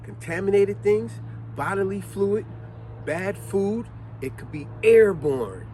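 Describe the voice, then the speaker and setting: A man hosting a casual vlog in an easygoing, explanatory way. His voice sits high and moves around a lot. He tells stories animatedly and acts out the quotes and sneezes. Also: lively intonation, slow pace, mellow, slight background noise. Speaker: vlog host.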